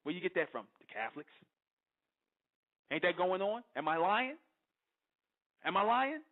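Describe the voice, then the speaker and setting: Fiery high-voiced man on a phone line. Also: big pitch swings, normal speed. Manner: preachy and confrontational, keeps asking "you understand?". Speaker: internet radio host. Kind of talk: fiery monologue. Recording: tinny phone-line audio.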